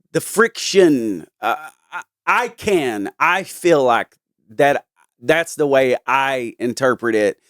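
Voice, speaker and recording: Slow, high-voiced man retelling scripture. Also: no room sound, clean studio sound. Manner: earnest, halting, with frequent restarts. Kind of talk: casual Bible discussion.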